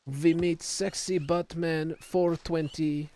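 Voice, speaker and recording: A man voicing a slow, solemn male documentary narrator with drawn-out, grave delivery. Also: fairly high pitch, fairly even intonation, warm tone, pitched above the performer's own voice.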